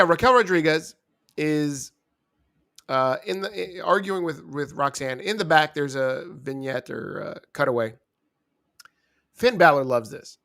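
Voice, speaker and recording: A young man with a fairly high voice co-hosts in loose, joking podcast banter. He teases his partner and keeps the talk animated. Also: clean tone. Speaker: wrestling review co-host.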